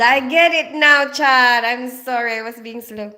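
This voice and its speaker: A woman's voice: sits high, measured pace, hardly any pauses, sharp tone. A woman with a Filipino accent, casually chatting and laughing with viewers on a livestream, greeting them by name. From Philippines. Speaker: livestream host reading chat. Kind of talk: casual live chat.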